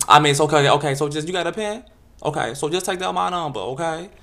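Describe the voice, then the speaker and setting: A man voicing a flamboyant, pushy young male phone salesman with a high sing-song drawl. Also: quick pace, gravelly, bright, forceful tone.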